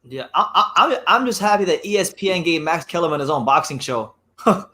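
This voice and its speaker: A man from the United States hosting a casual boxing chat, animated, often repeating his words. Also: on the high side, brisk. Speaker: host.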